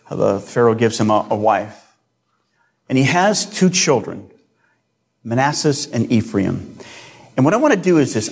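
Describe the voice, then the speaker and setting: A man's voice: mid-range voice, a little mellow, slightly rough. A man preaching a sermon, retelling a biblical story and acting out the voices of its people. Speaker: pastor.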